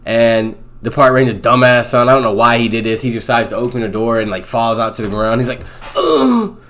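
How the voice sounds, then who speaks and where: A young man retelling a film's story in loose, rambling fashion. His speech is full of slang, with a filler of "boom" dropped between events. His voice sits at an ordinary middle pitch. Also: level tone, quick pace, a bit bright. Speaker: movie reviewer. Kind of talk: casual movie recap.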